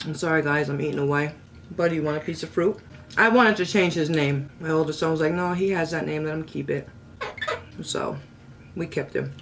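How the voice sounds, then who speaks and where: A middle-aged woman hosting a casual home cooking vlog, chatting to viewers and cooing at her parrot in a high sweet voice. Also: fairly quick, slight background noise. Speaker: cooking channel host. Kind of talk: casual chat to camera.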